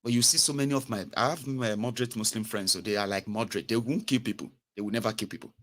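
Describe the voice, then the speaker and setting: A young Nigerian man with a Nigerian English accent and Pidgin, giving a casual, animated commentary monologue as host. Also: on the low side, fast talker. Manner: animated, mocking, switches to Pidgin and Yoruba.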